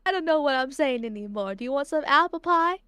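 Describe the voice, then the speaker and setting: A woman's voice: sits high, animated, fast, sharp tone, no echo. A woman voicing a playful young Southern belle with a put-on Southern drawl, giggling as she goes. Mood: giggly.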